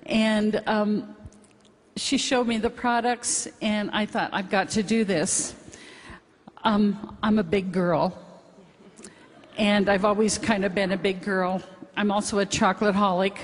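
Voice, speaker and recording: A woman's voice: mid-range voice, little pitch movement, a little slow, slight background noise. A woman giving a cheerful testimonial to an audience, laughing often as she talks. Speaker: testimonial speaker. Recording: long reverb of a hall.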